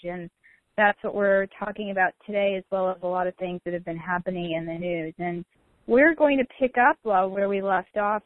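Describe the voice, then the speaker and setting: A woman's voice: medium pitch, dry recording. A woman hosting a radio talk show, chatty, with many fillers. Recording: dry, narrow phone-like radio sound.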